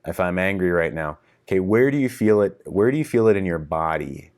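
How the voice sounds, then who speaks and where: A man's voice: deep voice, animated, brisk, darkish tone. A middle-aged man coaching husbands in a frank, casual video lesson, swearing freely as he explains. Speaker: relationship coach.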